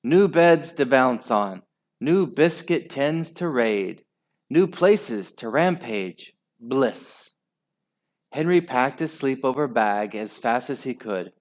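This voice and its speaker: A man reads a children's storybook aloud at a slow, easy pace. His voice sits in the middle range and he shapes each line expressively for young listeners. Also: medium pitch. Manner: expressive, unhurried. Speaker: storybook reader.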